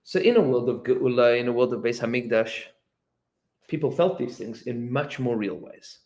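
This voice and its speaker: A rabbi with a medium-pitched voice gives an informal Torah class at a moderate pace, in an echoey room with poor audio quality. He's an animated storyteller, full of fillers and restarts, and he acts out the lines he quotes.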